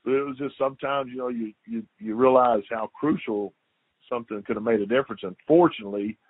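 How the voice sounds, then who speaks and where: An older man, once a football player, tells stories as a guest in a relaxed interview. His mid-range voice moves a little fast, and he repeats words and acts out quotes like a lively storyteller. The tinny phone line is dry, with no room sound.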